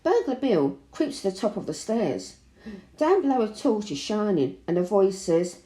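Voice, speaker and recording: Woman reading a storybook, animated. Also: mid-range voice, normal speed. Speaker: storybook reader. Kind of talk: reading a picture book aloud. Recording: roomy echo.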